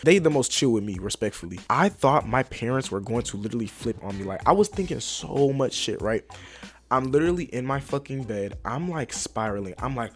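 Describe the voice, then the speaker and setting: A man's voice: mid-range voice, expressive, fairly quick. A young man telling a personal story in a casual, rambling way. He swears a lot, uses slang and keeps addressing his viewers.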